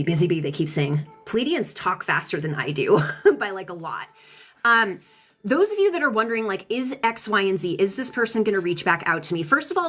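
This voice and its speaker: A woman from Colorado doing a casual live-stream channeling session as a tarot reader, chatty and fast, swearing freely and greeting viewers in the chat. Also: mid-range voice, fairly bright tone. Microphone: streaming setup.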